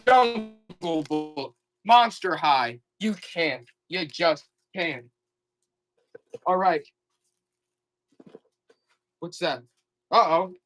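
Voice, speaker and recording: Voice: expressive, drawn-out words, pauses often, a bit bright. A live online auction seller doing comic, exasperated hype, repeating offers and pleading with the audience. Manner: repetitive, urgent pitch talk. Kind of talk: live selling stream patter.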